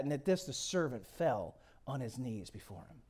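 A middle-aged man preaching a sermon. He tells the story dramatically, swinging from loud to hushed. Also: medium pitch, sing-song, moderate pace, hardly any pauses, husky. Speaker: guest pastor.

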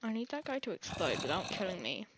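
A woman's voice: mid-range voice, very animated, fast talker, very noisy. An English woman giving rambling, jittery live commentary over her own gameplay, full of panicked exclamations. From England. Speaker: gaming channel host.

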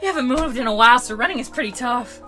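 An anxious young heroine from a game speaks in a high, lively voice that swings up and down, as a woman reads her lines aloud. The reading is earnest. Game music plays clearly behind. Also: fast. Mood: urgent.

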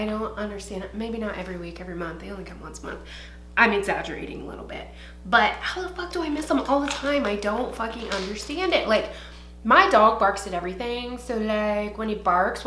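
Chatty and profane, this Ohio woman rambles with many fillers while doing a get-ready-with-me beauty vlog in her home. Her voice sits on the high side with a sharp tone, and the sound is roomy with slight background noise.

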